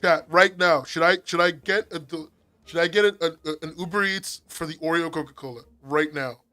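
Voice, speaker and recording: Excitable English guy streaming, swearing. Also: fairly high pitch, moderate pace, faint music behind. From England. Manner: excitable, swears a lot, laughs often. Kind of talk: casual live-stream chat with viewers. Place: at home.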